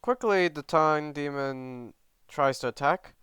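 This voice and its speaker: A man's voice: a little high, slow, a bit bright, clean tone, no echo, clean studio sound. A man casually narrating a fan story, chatty and self-correcting with side comments.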